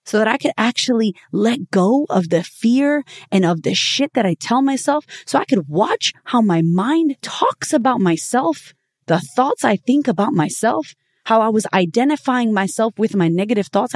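A woman's voice: fairly high pitch, animated, no room sound, clean studio sound. A woman hosting a podcast, giving a blunt, profane motivational monologue full of rhetorical questions. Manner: emphatic, swinging between punchy and drawn-out phrases. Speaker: podcast host.

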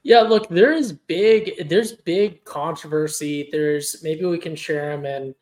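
Man, podcast co-host, casual chat, fairly high voice, rambling with lots of restarts. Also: takes it slowly, darkish tone, low-quality recording. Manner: rambling, many restarts and fillers.

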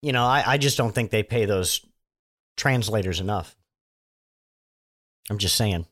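A man's voice: lowish voice, unhurried, fairly bright tone. Rambling sardonic man riffing. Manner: rambling, many fillers and restarts, sardonic. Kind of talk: casual political commentary monologue.

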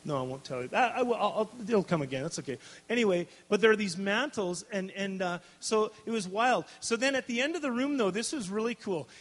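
High-voiced man preaching in a hall. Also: fairly quick. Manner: animated, laughs often, restarts sentences. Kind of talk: storytelling sermon. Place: large hall before a live audience. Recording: long hall reverb.

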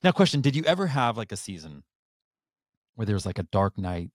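A man's voice: lowish voice, very animated, fairly quick, no room sound, clean studio sound. Effusive male podcast host. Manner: effusive, upbeat, lots of "like". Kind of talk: podcast interview.

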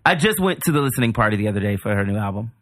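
Excitable man telling a story, dry sound. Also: lowish voice, rapid-fire, dry recording. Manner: animated, rambling, excitable. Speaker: podcast guest, comedian. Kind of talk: casual storytelling chat.

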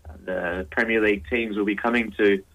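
A man's voice: fairly low pitch, steady tone, fairly quick, a bit bright, muffled recording. Earnest man on a radio interview. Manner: earnest, many uh and um. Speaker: football engagement lead, guest.

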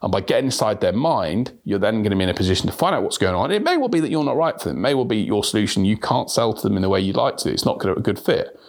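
A low-pitched man hosting a solo sales podcast. His voice swings widely as he speaks and acts out sample questions, and he often stumbles and repeats small words when he restarts a thought. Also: big pitch swings, rapid-fire, hardly any pauses.

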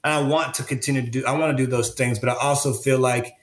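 This creative artist, appearing as an interview guest, reflects earnestly but stumbles through many fillers and false starts. He is a fast talker with a medium pitch and fairly even intonation, and the recording has a roomy echo.

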